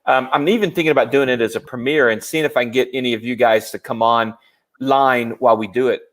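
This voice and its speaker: A man's voice: medium pitch, quick pace. A man with a mid-range voice joins a video call, teasing the host about his plane. He talks loosely, with plenty of fillers. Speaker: guest YouTuber. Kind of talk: casual chat.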